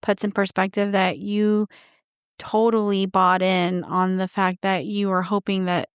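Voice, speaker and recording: A woman's voice: mid-range voice, level tone, unhurried, clean tone, no echo, clean studio sound. Reflective woman podcast host. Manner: reflective, sums up the guest's story. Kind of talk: conversational interview commentary.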